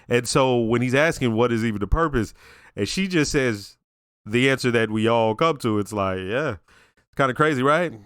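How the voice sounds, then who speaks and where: A man giving casual reaction commentary on a TV episode, talking in a slangy, reflective, animated way. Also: medium pitch, normal speed, clear, resonant tone, no echo, clean studio sound. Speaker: show reaction reviewer.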